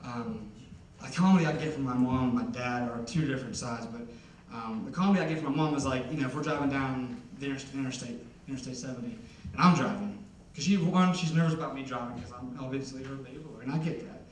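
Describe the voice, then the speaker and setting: A man's voice: mid-range voice, fast talker, few pauses, slight background noise. A man in his twenties doing stand-up comedy, rambling and chatty with lots of "like". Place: concert hall. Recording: roomy hall from a distance.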